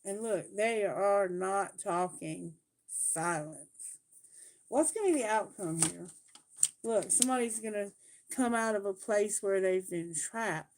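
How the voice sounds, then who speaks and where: A woman doing a live tarot reading, talking bluntly and emphatically, swearing freely and asking Spirit questions out loud. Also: medium pitch, measured pace, a little hiss or hum. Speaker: tarot reader.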